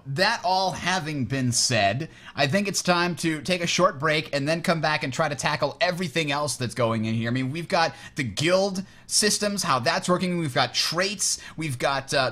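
A man hosting a casual gaming roundtable, animated and playful, often laughing. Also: on the high side. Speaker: podcast host.

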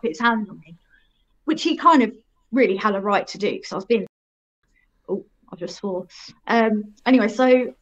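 A woman's voice: a little high, dull audio. A young woman telling her own story in a frank, rambling way and laughing at herself. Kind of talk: casual storytelling.

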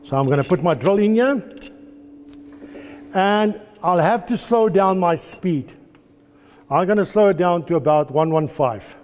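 A man's voice: high-pitched, expressive, measured pace, long pauses, a little mellow. A man teaching at a lathe in an engineering workshop, giving a patient, step-by-step demonstration. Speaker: lecturer. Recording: reverberant workshop with faint ambient noise.

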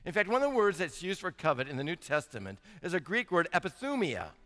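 A male pastor preaching a sermon. He reads scripture slowly and deliberately and builds to emphatic, rising intensity. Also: on the high side, very animated, sharp tone. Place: church sanctuary. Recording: long church reverb.

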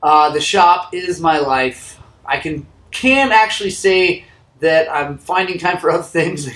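A man who owns a motorcycle shop tells his own story in a heartfelt, halting way, recorded inside his shop. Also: fairly high pitch, animated, fairly bright tone, reverberant, rough recording. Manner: earnest, heartfelt, halting with restarts. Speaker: motorcycle shop owner and channel host. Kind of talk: personal storytelling to camera.

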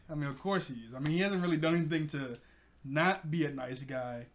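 A man's voice: on the high side, brisk. A man casually recapping an anime episode, retelling character lines with lots of fillers. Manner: animated retelling with quoted character lines and laughs. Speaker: anime reviewer.

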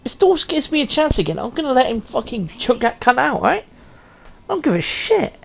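A woman's voice: high-pitched, sing-song, normal speed, gravelly, slightly rough. A woman playing a story game on a stream, swearing constantly in brash, jokey commentary. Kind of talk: profane casual gameplay commentary.

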